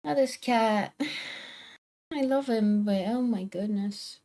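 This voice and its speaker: Woman, streamer, casual chat, slightly high pitch, unhurried. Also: animated, warm tone. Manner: chatty, talks to her cats and to chat, teasing indignation. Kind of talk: casual livestream chat while drawing. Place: home, indoors. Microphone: desk microphone.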